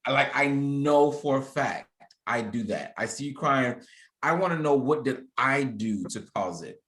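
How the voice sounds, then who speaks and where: A man's voice: mid-range voice, lively intonation, a little slow, fairly bright tone, reverberant, low-quality recording. A man in his thirties hosting a casual conversation, talking candidly and reflectively and often restarting his sentences. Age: 30s. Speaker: podcast host.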